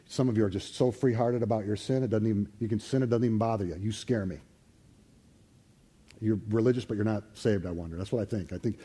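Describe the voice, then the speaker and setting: A man preaching a sermon to a live congregation, leading call-and-response and swinging from loud exclamations to hushed near-whispers. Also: lowish voice, husky. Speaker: pastor. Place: church hall before a live congregation.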